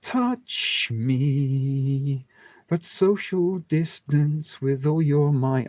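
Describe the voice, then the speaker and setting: Hosting a livestream, a man with an English West Country accent rambles through crude jokes to his viewers, full of fillers and restarts. His mid-range voice is creaky and warm, with no room sound.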